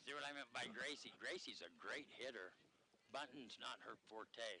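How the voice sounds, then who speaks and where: Bantering man calling local softball. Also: mid-range voice, normal speed, creaky, slight background noise, low-quality recording. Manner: jokey, rambling banter. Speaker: radio sports commentator. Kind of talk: local radio softball play-by-play. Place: outdoor softball field broadcast.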